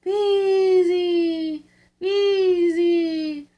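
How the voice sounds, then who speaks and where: A woman's voice: extremely high pitch, fairly even intonation, very slow, highs cut off, pitched above the performer's own voice, exaggerated voice. A woman voicing the stormy night wind in a scary storybook, howling its chant. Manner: loud rising howl.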